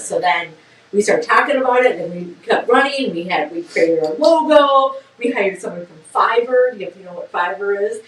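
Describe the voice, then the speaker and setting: A middle-aged woman, a business co-founder, telling a story in a casual interview with lively laughter. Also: a little high, normal speed, distant mic, slight background noise. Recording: roomy sound from off-mic.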